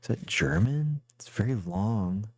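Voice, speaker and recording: A man's voice: lowish voice, expressive, unhurried. A man streaming a guessing game live, rambling and thinking aloud as he plays. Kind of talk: casual live game commentary.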